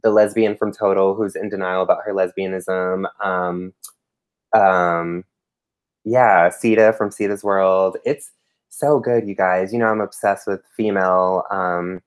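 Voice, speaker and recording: A woman's voice: rumbling low, fairly even intonation, a little slow, clean tone. A woman co-hosting a pop culture podcast, rambling casually with many ums and restarts. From Texas. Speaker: podcast co-host. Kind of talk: casual chat.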